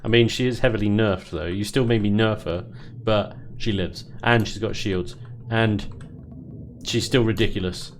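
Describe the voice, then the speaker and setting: Joking male stream host, lowish voice. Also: normal speed, a little hiss or hum. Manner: joking, enthusiastic. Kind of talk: casual chat.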